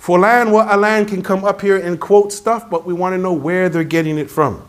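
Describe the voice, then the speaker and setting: A male preacher with a slightly higher voice delivers an emphatic, animated sermon. He tells stories and drops Arabic phrases into his English, addressing the congregation as brothers. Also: normal speed.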